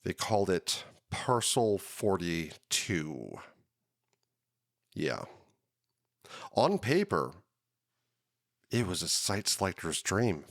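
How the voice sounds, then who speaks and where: A man hosting a podcast, telling his own story in a dramatic, drawn-out hardboiled detective style. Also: low-pitched, sing-song, gravelly, dry recording, clean studio sound. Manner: dramatic, drawn-out noir delivery. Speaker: podcast host.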